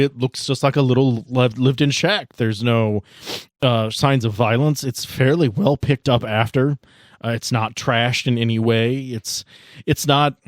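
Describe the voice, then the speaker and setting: A relaxed man serves as game master for a tabletop game. His voice sits at a middle pitch and stays conversational. The sound is dry and close. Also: dry recording. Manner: laid-back, conversational.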